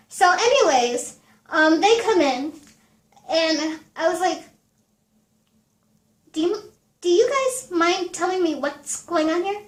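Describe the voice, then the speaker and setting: Young woman, high voice, unhurried delivery, casual storytime vlog, echoey room. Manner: animated, peppered with fillers and swearing. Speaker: vlogger.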